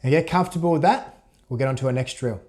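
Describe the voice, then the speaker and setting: A man giving a casual guitar lesson, relaxed, counting beats aloud as he demonstrates. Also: mid-range voice, fast. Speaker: guitar teacher. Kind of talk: casual instructional talk. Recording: loud guitar under voice. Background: guitar playing.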